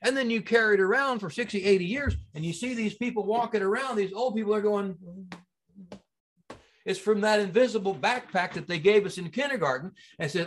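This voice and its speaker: A man being interviewed as a healing practitioner on a long-form podcast, telling stories in an animated, emphatic way that swings between loud and soft. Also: sits high, fairly quick. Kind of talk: casual interview talk.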